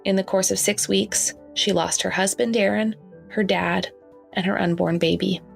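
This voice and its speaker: A woman podcast host with a Canadian accent, reading a gentle, wry scripted introduction from a makeshift home setup. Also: medium pitch, fairly even intonation, moderate pace, gravelly, faint music behind. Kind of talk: scripted narration.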